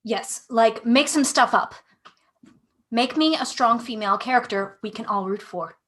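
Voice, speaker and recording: A woman's voice: fairly high pitch, unhurried, a bit bright. A woman reading a wry, demanding woman. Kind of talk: live play reading.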